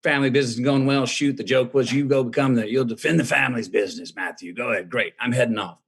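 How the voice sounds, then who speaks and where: Man, husky voice, unhurried storyteller, interview guest. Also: medium pitch. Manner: drawling, relaxed storyteller with laughs.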